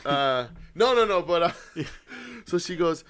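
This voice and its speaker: A man's voice: fairly high pitch, animated, unhurried, a bit bright. A young man hosting a podcast, telling a family story in casual chat, laughing, swearing and acting out what people said. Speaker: podcast host.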